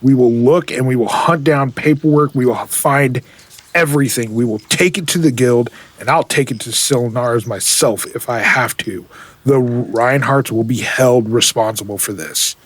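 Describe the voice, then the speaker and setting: A man's voice: medium pitch, no room sound. A man playing a tabletop role-playing game, describing his character's actions with growing intensity. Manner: intense, rising fast when worked up. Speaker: player.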